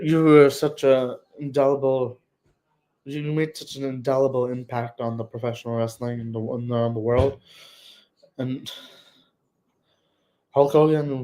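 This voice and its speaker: A man's voice: mid-range voice, darkish tone, poor audio. Hesitant man rambling on a livestream. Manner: hesitant and rambling, searching for words. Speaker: livestream host. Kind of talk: casual solo livestream tribute.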